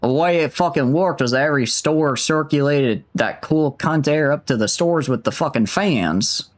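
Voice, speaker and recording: A man voicing a foul-mouthed, gruff male game character in an exaggerated mock Australian accent, swearing constantly. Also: a little high, moderate pace, close to an everyday voice.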